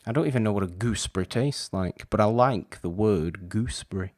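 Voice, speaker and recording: A man co-hosting a podcast, chatting casually about an old film in an animated, exasperated, rambling way. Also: lowish voice, a little fast. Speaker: podcast co-host.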